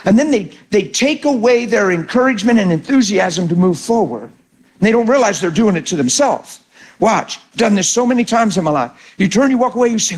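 A man preaching as a pastor, teaching about prayer with earnest, animated storytelling. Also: sits high, a little fast.

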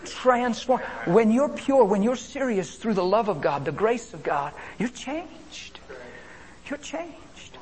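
A man preaching a sermon with animated delivery, swinging between loud exclamations and hushed asides. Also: sits high, slow pace.

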